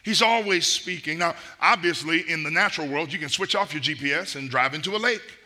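Middle-aged pastor guy preaching, really bright tense voice, kinda high, hammers phrases over and over. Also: quick pace. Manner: emphatic preaching with repeated phrases. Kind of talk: sermon.

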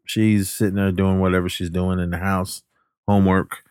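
A man's voice: low voice, flat delivery, normal speed, a little mellow, smooth, dry recording, studio quality. A man casually retelling a film plot, rambling, backtracking to correct himself and briefly acting out the characters' lines. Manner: acts out the characters' lines in passing.

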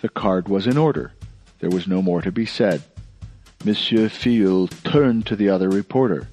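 A man narrating an audiobook in a steady, measured storytelling manner. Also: low voice, soft background music. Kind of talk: scripted narration.

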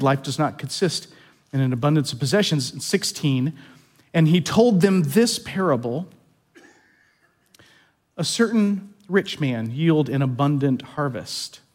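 A man pastor giving a sermon in an earnest, confessional way, often repeating words as he stresses a point. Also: a little high.

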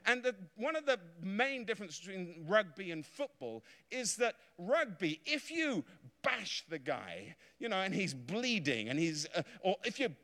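A man's voice: sits high, measured pace. An English man preaching a revival sermon, telling jokey stories and calling out hallelujah and amen. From England. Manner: animated, jokey storytelling with calls of hallelujah and amen. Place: large church hall. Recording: long hall reverb.

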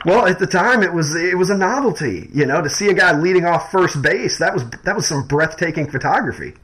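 A man's voice: high-pitched, expressive, a little fast, fairly bright tone, slightly rough, poor audio. Laid-back guy chatting, chuckles a lot, dry little jokes. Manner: easygoing, laughs often, dry quips. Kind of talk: casual chat.

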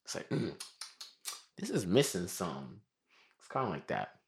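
A man chatting casually as a podcast co-host. His pitch jumps around a lot as he jokes, and he swears without a second thought. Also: big pitch swings, measured pace, creaky, slight background noise. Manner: loose, jokey, swears, shouts in bits. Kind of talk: casual chat.

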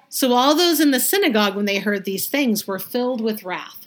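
A woman reading scripture aloud and then explaining it in a lively, conversational way, as a Bible study teacher. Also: high voice, fairly quick, few pauses. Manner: lively, conversational, acts out the crowd's reactions.

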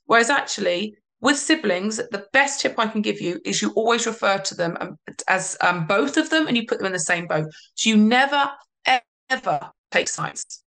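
A woman, a parenting coach giving advice in a podcast interview, explaining calmly with emphatic repeats. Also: medium pitch, normal speed, vocal fry.

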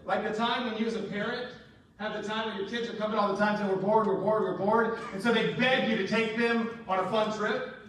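High-voiced pastor in an echoey hall. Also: male voice, fast, crowd noise. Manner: animated storytelling with humor, dropping to quiet earnest appeals. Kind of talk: sermon. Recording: echoey hall, mic at a distance, faint noise.

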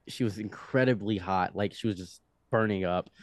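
A young man in his twenties, a podcast guest telling a story in a loose, animated way, with laughs, restarts and swearing. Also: lowish voice, moderate pace, no room sound. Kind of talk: casual storytelling.

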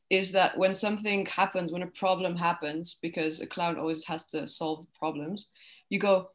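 Lower-voiced woman sharing in a group. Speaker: workshop participant.

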